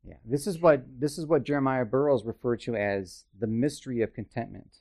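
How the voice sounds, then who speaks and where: A man's voice: mid-range voice, brisk, a little mellow. A man teaching a Bible study in a conversational way, with chatty, self-deprecating asides and frequent checks with his listeners.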